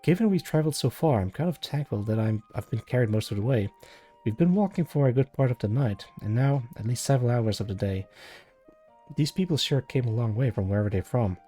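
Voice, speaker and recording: A man's voice: mid-range voice, lively intonation, brisk, mellow, faint music behind. A man reading a web novel aloud on a live stream, narrating in the first person with casual asides and self-corrections. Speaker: live-stream story reader.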